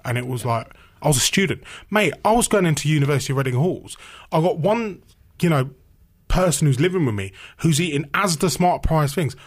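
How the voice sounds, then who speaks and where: A man who works as a radio presenter, telling stories in a casual interview, chatty and animated with lots of "like" and "you know.". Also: fairly high pitch, a little fast, breathy edge.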